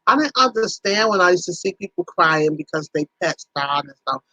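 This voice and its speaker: Woman, casual livestream chat, animated, exclamatory, muffled sound, dead dry room. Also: fairly low pitch, brisk, no echo. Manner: animated, exclaiming, teasing viewers by name. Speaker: livestream host.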